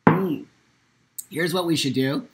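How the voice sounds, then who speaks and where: A man hosting a live morning talk show, telling a personal story in a candid, blunt and animated way. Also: fairly high pitch, takes it slowly, very noisy. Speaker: host.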